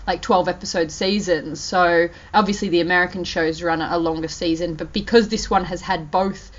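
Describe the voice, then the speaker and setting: A woman co-hosting a casual chat, talking in an animated way with many fillers and restarts. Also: on the low side, a little fast. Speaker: podcast co-host. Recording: dull lo-fi audio.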